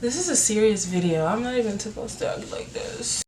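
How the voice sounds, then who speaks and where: A woman's voice: mid-range voice, animated, a little fast. A woman hosting a casual advice talk, speaking earnestly with many filler words. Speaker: YouTube talk host. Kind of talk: casual advice talk while doing her hair. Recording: roomy, from a distance, faint noise.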